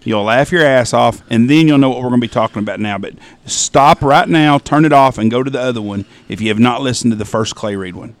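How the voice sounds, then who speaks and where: A man's voice: mid-range voice, quick pace, hardly any pauses, no echo. A man hosting a podcast, chatting casually and joking with bossy asides to listeners. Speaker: podcast host. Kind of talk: casual chat.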